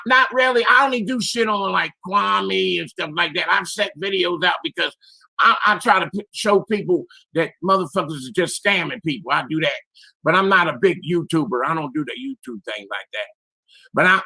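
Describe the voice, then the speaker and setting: A man in his sixties with a raspy, hoarse voice calls in to a panel show and talks bluntly and with lots of swearing. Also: high-pitched, normal speed, bright, forceful tone, dry recording. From Philadelphia area, US. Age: 60s. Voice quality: raspy, strained voice. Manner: blunt, profane, emphatic. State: hoarse after illness. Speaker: caller on a live panel show. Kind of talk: casual call-in talk.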